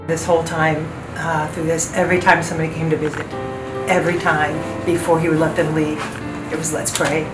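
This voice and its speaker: A woman's voice: low-pitched, level tone, fairly quick. A woman remembering a loved one in an interview. Her voice rises with emotion. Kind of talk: heartfelt reminiscing. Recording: roomy room with music behind.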